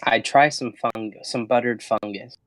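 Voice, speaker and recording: A man's voice: medium pitch, steady tone, a little slow, no room sound, rough recording. A man with a mid-range voice chats as a player in a tabletop game, casual and a bit rambling. The sound is dry and close, with no room around it. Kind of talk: casual in-character play.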